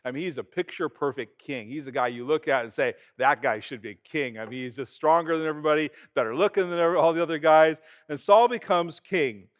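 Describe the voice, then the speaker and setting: In a conversational sermon to his congregation, a pastor with a smooth voice, rather high for a man, tells stories with animation. He retells events in plain, everyday words, peppered with brief asides and restarts.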